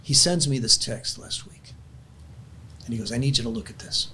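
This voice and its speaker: A man's voice: mid-range voice, normal speed, bright, forceful tone, a little hiss or hum. An older man, a grandfather and podcast guest, telling a heartfelt family story in an earnest, conversational way and closing in prayer.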